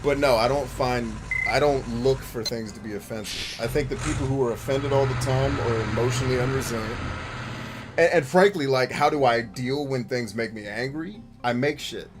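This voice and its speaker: A man's voice: mid-range voice, normal speed, noisy background. Blunt, profane man riffing over gameplay. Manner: laughs easily, jokey asides. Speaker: gaming show host. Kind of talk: casual gameplay commentary.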